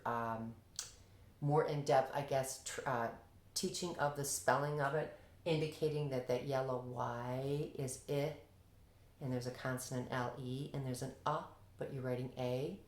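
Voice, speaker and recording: Low-voiced lady teacher explaining a lesson, upbeat and encouraging, echoey room. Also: a little mellow. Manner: upbeat, praising, demonstrates student answers.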